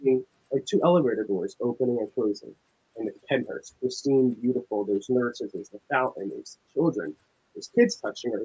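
A young man, a paranormal investigator, telling a story in casual chat and acting out the dialogue with animated energy. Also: on the low side, a little fast, slightly rough, poor audio. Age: young adult. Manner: animated, acts out dialogue in tense retelling.

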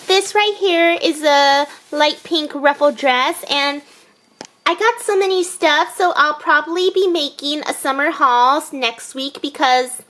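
A woman's voice: high-pitched, unhurried, fairly bright tone, roomy sound. A young woman chatting to a handheld camera at home in a bubbly, casual vlog style, with small sighs and laughs. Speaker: vlogger. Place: at home, indoors.

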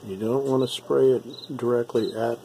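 A man giving a relaxed, step-by-step painting tutorial, repeating himself and checking in with "okay?" often. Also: mid-range voice, normal speed, slight background noise, poor audio. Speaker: miniature painting instructor.

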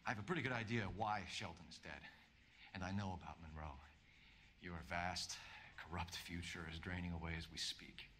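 An actor playing a hard-nosed 1940s police detective in a game cutscene, talking in a stern, clipped way that can flare into threats. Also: male voice, deep voice, fairly quick, bright, forceful tone, a little hiss or hum. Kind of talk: video game cutscene acting.

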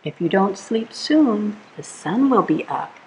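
Slow, gentle woman reading bedtime story. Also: medium pitch, lively intonation, a little hiss or hum, low-quality recording. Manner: gentle, soothing, talks to the listener with questions. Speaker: storyteller reading a picture book to children. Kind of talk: read-aloud storytime.

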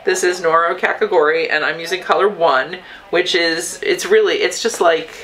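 A woman's voice: fairly low pitch, fairly even intonation, normal speed, fairly bright tone, rough recording. A woman co-hosting a yarn shop podcast, chatting casually about knitting in a meandering way, with frequent restarts.

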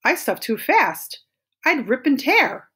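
A hasty storybook rabbit who brushes off every request with quick excuses, as a woman reading aloud puts him on. He speaks with bouncy, lively pitch. His voice is breathy. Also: full character voice. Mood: dismissive.

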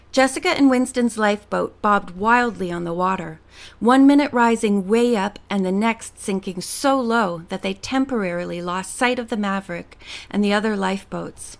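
A woman reading a teen novel aloud as an audiobook narrator, steady and expressive. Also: mid-range voice.

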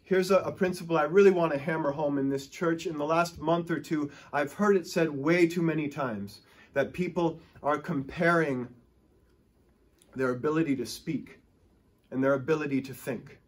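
A man preaching a sermon as pastor in a church, impassioned and exhorting, at times acting out excited stuttering. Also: on the high side, normal speed.

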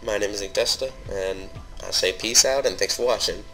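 A man as a gaming channel host, giving live gameplay commentary in an excitable way that swings from mumbling to loud outbursts. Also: lowish voice, brisk, faint music behind. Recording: steady background noise.

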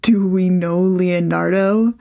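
Woman voicing a tiny rabbit boy, sarcastic, slow drawl, a little gravelly, storybook. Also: fairly low pitch, darkish tone. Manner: dry, drawling.

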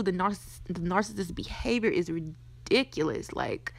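A woman's voice: on the low side, lively intonation, moderate pace, vocal fry. Blunt gossipy woman recapping TV. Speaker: podcast host. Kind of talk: casual TV recap commentary.

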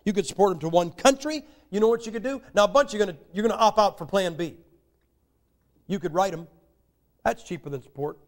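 Folksy, high-voiced male preacher. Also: quick pace. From United States. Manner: folksy, joking preaching with emphatic rises. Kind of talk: sermon.

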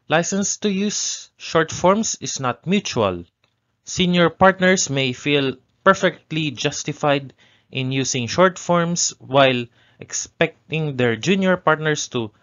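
A man teaching a language lesson, explaining grammar and repeating example phrases slowly with exaggerated intonation. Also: fairly high pitch, animated, a bit bright, muffled recording. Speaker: Japanese language tutor.

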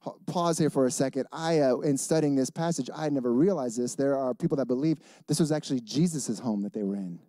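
A man's voice: mid-range voice, fast talker, mellow, dry recording, studio quality. A man in his thirties preaching a casual sermon as a guest pastor, chatty and laughing, often adding "y'all" and "okay?". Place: church stage.

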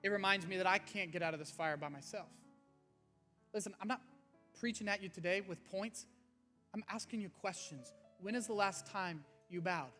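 Pastor guy preaching, earnest, chatty, bright tense voice, soft music behind. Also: high-pitched, moderate pace. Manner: earnest, conversational preaching with rising emphasis. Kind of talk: sermon. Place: church sanctuary. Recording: faint music underneath.

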